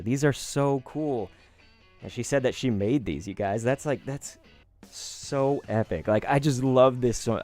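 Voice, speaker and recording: A man in his thirties live-streaming as he opens trading cards, gushing and excitable, often laughing and sighing. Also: mid-range voice.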